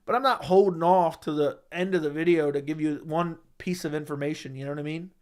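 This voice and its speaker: A young man hosts a casual livestream, reading viewer comments and firing back bluntly with plenty of swearing. His voice sits a bit higher than most men's. He talks close into a desk microphone. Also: a little fast, smooth. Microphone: studio microphone at a desk.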